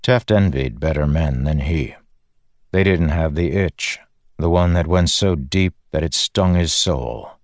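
A man giving measured, scripted narration of a fantasy audiobook. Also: a bass voice, no room sound, clean studio sound.

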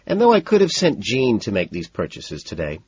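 A man's voice: on the low side, huge pitch swings, fairly quick, darkish tone, husky, no room sound, dull audio. A man reading a first-person story aloud in a cool, detached way, rattling off long lists in scripted narration. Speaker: audiobook narrator.

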